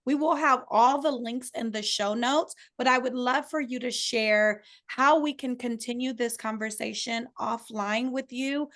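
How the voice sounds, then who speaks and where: A woman's voice: on the high side, measured pace, few pauses, fairly bright tone. A woman hosting a faith-minded podcast, encouraging her guest and closing with affirmations. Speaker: podcast host. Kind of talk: podcast interview and sign-off.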